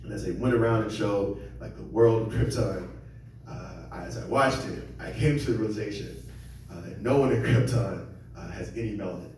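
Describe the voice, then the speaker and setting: On a comedy club stage, a Seattle-area comic rambles through a self-deprecating set and imitates the people he quotes. He has a fairly low, darkish voice at a normal speed. It was captured by a far-off mic in a very echoey space, with slight background noise.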